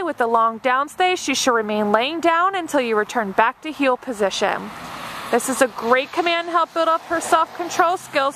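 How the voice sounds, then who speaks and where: A woman's voice: high voice, pushed and bright, slight background noise. A woman dog trainer narrating an obedience demonstration step by step, with a patient and encouraging manner. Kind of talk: instructional narration.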